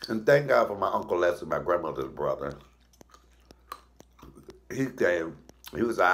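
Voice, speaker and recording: A middle-aged male comedian telling blunt, profane stories in a casual, animated way while cooking. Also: low voice, moderate pace, long pauses. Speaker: comedian and cooking show host.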